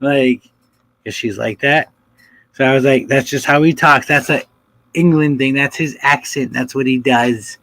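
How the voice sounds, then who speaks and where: A man hosting a reptile breeder's live stream, chatting with callers in loud, teasing, swearing banter. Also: mid-range voice, fairly even intonation, unhurried, no echo, poor audio. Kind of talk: casual chat with callers.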